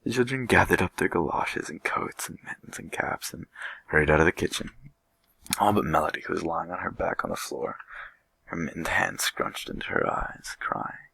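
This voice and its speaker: A man reading a children's storybook aloud in a gentle, unhurried manner, with light voices for the characters. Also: low-pitched, expressive, gravelly, slightly rough, no echo, low-quality recording. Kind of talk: children's book read aloud.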